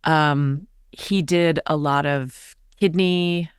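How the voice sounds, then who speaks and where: A woman's voice: low-pitched, very slow, smooth, no room sound, studio quality. A woman in her forties, a podcast guest, telling a candid personal story in an earnest, confiding way. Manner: earnest, confiding, animated retelling with quoted voices.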